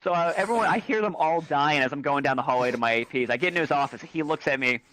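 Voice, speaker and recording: A man telling a comic, profane story in a lively, animated way. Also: fast talker, poor audio. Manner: animated, profane, jumps into high squeaky voices for quotes. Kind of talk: comic storytelling in a virtual chat room.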